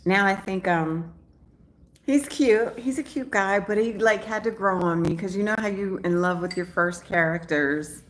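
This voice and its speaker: A woman's voice: medium pitch, normal speed, slight background noise. A woman vlogger chatting casually to camera at home in the morning, rambling and often laughing. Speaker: travel vlogger.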